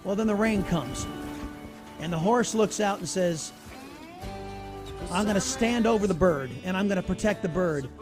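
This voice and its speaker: A man hosting a talk radio show, telling a story in an animated monologue. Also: high-pitched, moderate pace, long pauses, music in the background. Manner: animated storytelling, narrates an ad over its soundtrack.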